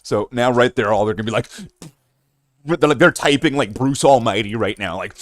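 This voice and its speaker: A man's voice: medium pitch, brisk, no room sound, studio quality. A man from Canada hosting a casual livestream, rambling and joking with chat while he paints miniatures. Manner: rambling, jokey, talks to chat. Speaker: streamer.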